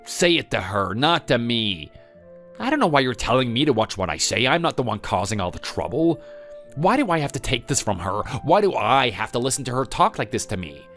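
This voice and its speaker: A man's voice: medium pitch, a bit bright. A man voicing a resentful grown son who bitterly blames his mother. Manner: bitter, defensive.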